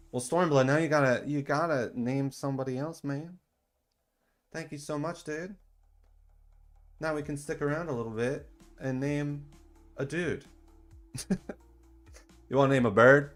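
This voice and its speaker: A man hosting a casual livestream in a laid-back, slangy way that turns excited at times. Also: a little high, a little slow, pauses often, soft background music. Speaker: streamer and dungeon designer.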